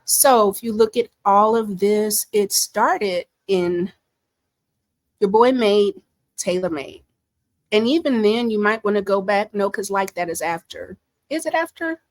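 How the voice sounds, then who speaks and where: A woman talks through pop culture in a casual home commentary. Her voice sits at an everyday middle pitch, and her delivery is animated, chatty and full of strong opinions. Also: a little slow, dry recording.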